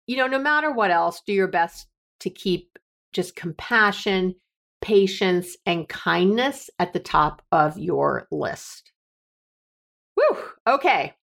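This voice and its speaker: A middle-aged woman hosting a relationship podcast, talking straight to listeners in a chatty, enthusiastic way and repeating words for emphasis. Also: medium pitch. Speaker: podcast host, relationship therapist. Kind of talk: warm direct-to-listener podcast talk.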